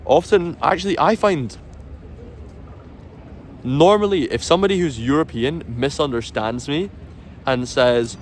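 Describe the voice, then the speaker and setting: A man's voice: mid-range voice, lively intonation, measured pace, a little hiss or hum. A man vlogging casually to camera, opinionated and rambling, laughing at himself now and then. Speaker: bagpiper vlogger.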